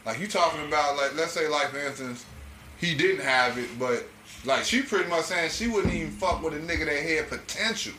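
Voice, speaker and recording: A man with a bright, slightly high voice tells stories with energy on a podcast and acts out the people he quotes. His voice echoes around the room over faint noise. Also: brisk. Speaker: podcast co-host. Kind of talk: casual podcast chat.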